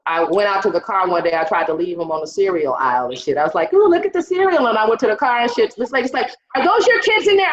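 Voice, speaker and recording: A woman stand-up comedian, telling a profane story and acting out the quotes herself. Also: lowish voice. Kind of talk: stand-up comedy set over video call. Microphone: video call. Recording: roomy, dull video call audio.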